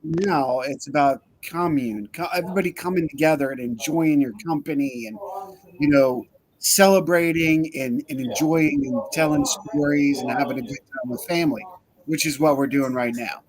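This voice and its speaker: Upbeat male host on a video call, slightly high-pitched, playful and welcoming. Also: moderate pace, a crowd in the background. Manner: upbeat, playful, greets people by name. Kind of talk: casual chat.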